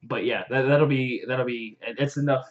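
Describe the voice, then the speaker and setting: A young man excitedly recapping a fantasy novel in a rambling vlog, full of fillers and swearing. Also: mid-range voice, normal speed. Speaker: vlogger. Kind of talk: casual book recap. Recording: dull lo-fi audio.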